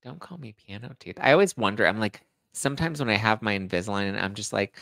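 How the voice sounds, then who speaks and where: A young man chats casually with his livestream audience, reading comments and riffing on them in a rambling, self-deprecating way. His voice sits low with a gravelly edge and a faint lisp, recorded close in a dry space. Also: quick pace, hardly any pauses, a bit bright, dry recording. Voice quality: slight lisp. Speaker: podcast host reading live chat.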